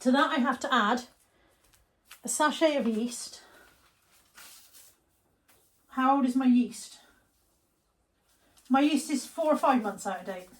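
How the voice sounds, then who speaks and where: A woman's voice: sits high, takes it slowly, pauses often. A woman chatting casually to camera in her home kitchen, self-deprecating and often dropping to a near whisper. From England. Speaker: vlogger. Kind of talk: casual daily vlog chat.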